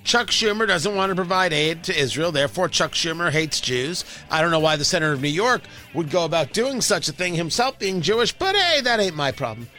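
A man's voice: on the high side, bright, forceful tone. A man hosting a political talk radio show, delivering a sarcastic, combative monologue into a studio microphone.

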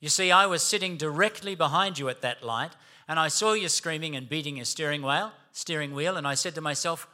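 A man voicing a calm, matter-of-fact male police officer in a story. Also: a little high, fairly quick, hardly any pauses.

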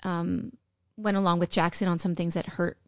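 A woman's voice: lowish voice, flat delivery, moderate pace, no room sound, clean studio sound. A middle-aged woman co-hosting a podcast, chatting and telling a history story. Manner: chatty, laughing, breaks into sung lines. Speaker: podcast co-host.

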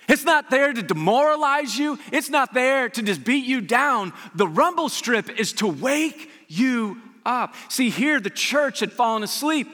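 A man preaches with a high, bright, forceful voice that rings out through a large hall with a long reverb. He keeps it casual and lively, throwing asides to the congregation as he goes. The delivery is that of a pastor mid-sermon. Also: unhurried, hardly any pauses. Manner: energetic, conversational preaching with frequent rhetorical asides.

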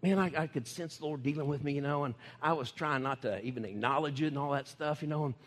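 A man's voice: a little high, quick pace. A man with a Texan accent, a preacher telling stories in a folksy, laughing sermon style. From Texas. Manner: folksy, laughing, animated storytelling. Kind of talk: sermon storytelling. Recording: echoey hall.

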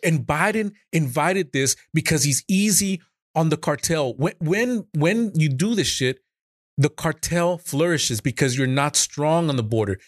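A man's voice: a little high, animated, measured pace, dry recording, clean studio sound. Impassioned man on a podcast. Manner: impassioned, stammering restarts, swears. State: emotional. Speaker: podcast host. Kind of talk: heated political podcast talk.

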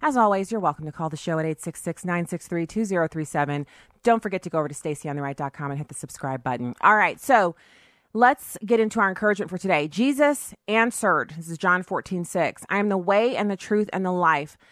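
A woman's voice: on the low side, lively intonation, quick pace, fairly bright tone, no echo, studio quality. A woman hosting a talk show, delivering an opinionated, emphatic monologue with chatty asides and preachy encouragement.

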